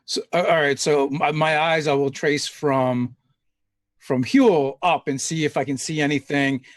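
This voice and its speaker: Male player, playful and eager, voice a touch high, dry close mic. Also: fairly even intonation, unhurried, no echo. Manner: eager, playful, asks questions. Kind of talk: casual tabletop play.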